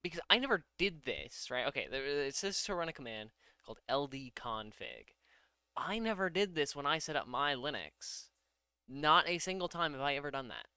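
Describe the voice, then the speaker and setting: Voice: medium pitch, sing-song, moderate pace, bright, forceful tone, clear, resonant tone, dry recording, clean studio sound. A programmer thinking aloud while coding in a casual vlog, muttering to themself and laughing at their own mistakes.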